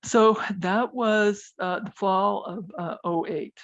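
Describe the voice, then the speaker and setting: A woman's voice: medium pitch, slow pace, no room sound, muffled recording. A middle-aged woman, a physician and guest in a conversational interview, talking hesitantly with many fillers and restarts.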